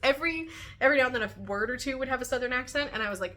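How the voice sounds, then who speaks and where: This high-voiced young adult woman is casually reviewing books on camera. Her talk is animated and chatty, peppered with laughter and the fillers "um" and "like."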